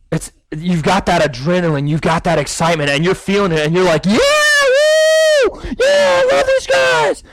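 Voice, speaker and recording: A man's voice: on the high side, dry recording, low-quality recording. A male guest preacher giving a sermon, telling a story vividly and acting out the scenes.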